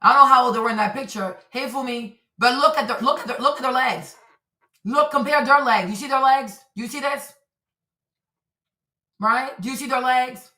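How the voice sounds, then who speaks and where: Animated woman streamer in echoey room. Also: high-pitched, normal speed, recorded from a distance. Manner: animated, repetitive, talks to her audience. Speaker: streamer commentator. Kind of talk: livestream commentary. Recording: roomy echo, voice a bit off-mic.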